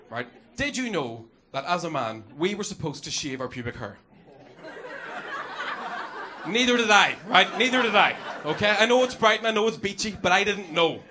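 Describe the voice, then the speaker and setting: A man's voice: high-pitched, sharp tone. A young man doing rowdy, profane stand-up in front of a live club audience, jumping into little character voices. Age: young adult. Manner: rowdy, profane, acts out characters in quick bursts. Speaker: stand-up comedian. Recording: live club recording with crowd noise. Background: audience laughing and cheering.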